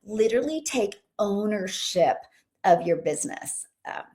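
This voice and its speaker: A middle-aged woman with a medium-pitched, expressive voice, a little slow and a little mellow, hosts a livestream as a business coach. She reads viewer comments aloud, calling out to them with upbeat, bubbly enthusiasm.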